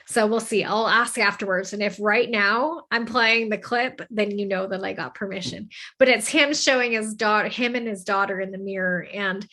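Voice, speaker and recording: A woman hosting a self-help talk, earnest and encouraging, often checking in with "okay?" and "right?" and slowing down to recite affirmations. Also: mid-range voice, pushed and bright. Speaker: host of a self-help channel.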